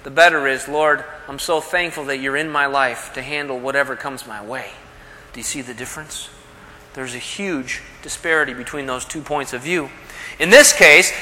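A man preaches in a conversational way, often pausing for rhetorical questions. His voice sits high and sounds bright and forceful. A long reverb trails behind him, as if he is in a large hall. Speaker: pastor. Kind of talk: sermon.

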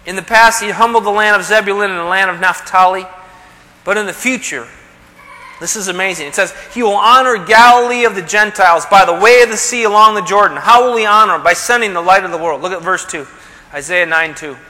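High, bright-voiced man preaching a sermon. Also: a little fast. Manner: conversational preaching with rhetorical questions. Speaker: pastor. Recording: long hall reverb.

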